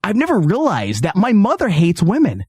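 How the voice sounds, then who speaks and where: Animated young man telling a comic story. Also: normal speed, breathy edge, dry recording, clean studio sound. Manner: animated storyteller, acts out quotes with sudden high-pitched outbursts. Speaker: podcast host. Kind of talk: casual comedic chat.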